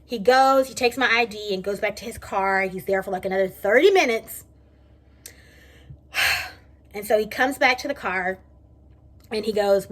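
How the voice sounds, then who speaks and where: A young woman, casually vlogging and telling a story in a chatty, animated way from her kitchen. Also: medium pitch, moderate pace, pauses often. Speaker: beauty vlogger. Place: home kitchen.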